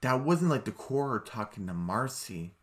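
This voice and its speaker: A man casually recapping a cartoon episode, rambling and excitable, with many fillers and restarts, jumping high when he quotes characters. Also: a little slow. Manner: jumps into high voices when quoting characters. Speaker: show recap commentator.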